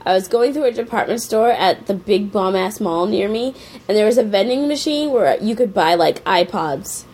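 A young woman telling an anecdote in an excited, slangy way, swearing for emphasis. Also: medium pitch, normal speed. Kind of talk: casual chat.

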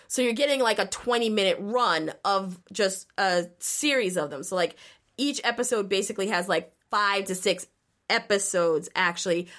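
A woman's voice: medium pitch, fairly bright tone. A young woman on a podcast, chatting casually and animatedly retelling a show, peppering her talk with "like".

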